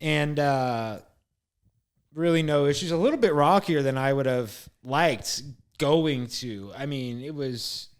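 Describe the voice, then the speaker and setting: A man's voice: fairly high pitch, slow pace, clear, resonant tone. A young man co-hosting a casual podcast, telling a long story with lots of swearing and acted-out dialogue. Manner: animated storyteller, swears freely, acts out exchanges. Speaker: podcast co-host.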